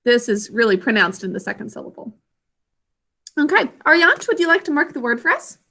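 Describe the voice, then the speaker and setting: A woman's voice: a little high, sing-song, fairly quick, bright, forceful tone. A woman teaching a children's literacy lesson, patiently sounding out each word syllable by syllable. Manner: patient, sounds out words clearly.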